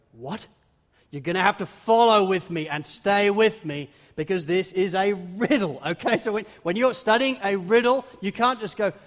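Dramatic high-voiced male preacher in a hall. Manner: dramatic, swings from loud exclamations to hushed emphasis. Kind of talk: sermon. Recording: long hall reverb.

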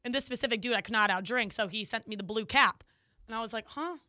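A young woman co-hosting a podcast, chatting casually and telling stories with quick giggles. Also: on the high side, pushed and bright, no echo. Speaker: podcast co-host. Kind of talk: casual chat.

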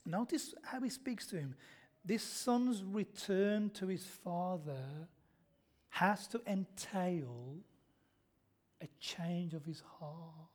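Pastor, middle-aged guy, highish voice, preaching in church, tells stories and quizzes the congregation. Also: slow, a little mellow. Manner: storytelling, asks the congregation questions and answers them. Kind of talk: sermon.

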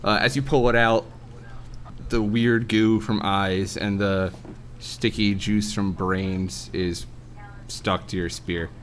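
A man narrating a tabletop game as game master, often halting and laughing through his descriptions. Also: lowish voice, steady tone, a little hiss or hum.

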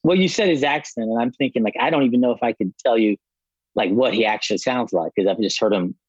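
A man who directs films, guesting on a podcast and telling stories in a relaxed, reflective way. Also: mid-range voice, fast, slightly rough, no echo, highs cut off. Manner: relaxed, reflective, many fillers. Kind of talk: casual interview chat.

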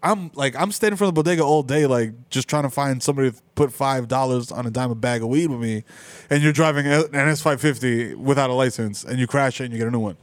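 A man's voice: mid-range voice, quick pace, no echo. A man, a comedian hosting a podcast, rambling with lots of fillers. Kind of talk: casual chat.

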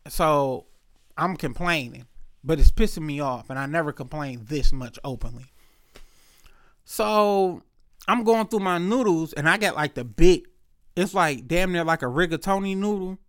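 A young man rants through a story, swearing freely and playing out every part of the exchange himself. His voice sits a little high for a man. The recording is close and dry, with no room sound. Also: unhurried, dry recording. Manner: animated, profane, acts out both sides of the story. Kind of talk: casual storytelling rant.

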